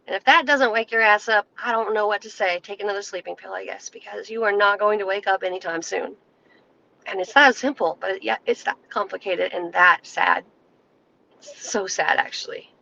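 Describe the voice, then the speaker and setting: A woman's voice: mid-range voice, fairly even intonation, brisk, vocal fry, bright, forceful tone, lo-fi sound, slight background noise. A woman hosting a livestream, talking heatedly and scolding her viewers in a casual, emphatic rant into her cell phone. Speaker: livestream host.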